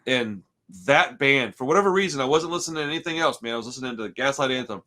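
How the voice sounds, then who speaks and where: Speaking fast with a sharp tone and lively intonation, this mid-range male voice belongs to a thirtysomething podcast host from Houston, Texas. He keeps the chat casual, spinning rambling stories packed with dude, bro and curse words.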